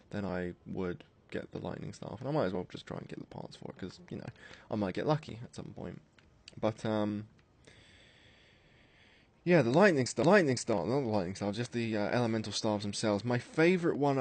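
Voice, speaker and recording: Male gaming commentator, chatty and rambling, lowish voice, casual live play-along. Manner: rambling, chatty, self-mocking.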